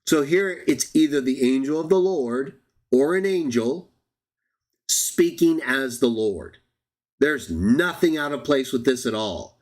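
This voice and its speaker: A man hosting a live-streamed Bible study, reading verses aloud and arguing his point with rhetorical questions to the viewers. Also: medium pitch. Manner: argumentative, addresses viewers as everybody, rhetorical questions.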